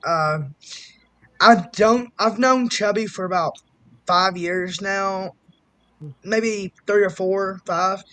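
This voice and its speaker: Man, high voice, casual live-stream chat, animated storyteller, swears a lot, dry close sound. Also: slow pace, long pauses, no room sound. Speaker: guest storyteller.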